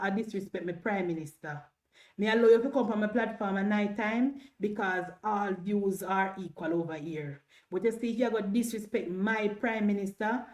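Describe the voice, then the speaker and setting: A woman speaking in Jamaican Patois, hosting a casual political livestream, defiant and repetitive as she addresses her viewers. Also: medium pitch.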